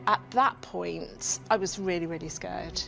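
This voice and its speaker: Soft-spoken woman, hesitant. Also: lowish voice, fairly even intonation, unhurried, vocal fry. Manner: soft, hesitant, stammering at times. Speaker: witness interviewee. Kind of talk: documentary testimony. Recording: music bed under the voice.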